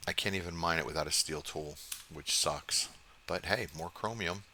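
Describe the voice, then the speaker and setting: A man's voice: low voice, normal speed, pushed and bright, soft background music. An older man giving casual, profane, grumbling commentary while he plays a survival game. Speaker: game streamer.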